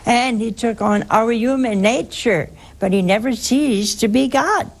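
An older woman hosting a call-in show, slowly explaining scripture to a caller and repeating her key points with emphasis. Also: a little high. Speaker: host answering a caller. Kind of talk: call-in religious teaching.

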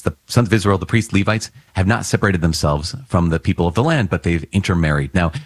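Low, husky-voiced priest. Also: male voice, no room sound. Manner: earnest, teacherly, checks in with "right?". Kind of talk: conversational Bible reflection.

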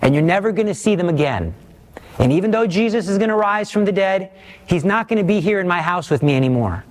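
A man preaching an impassioned Catholic sermon, emphatic, with rhetorical questions and sudden swings in pitch. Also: expressive, fast.

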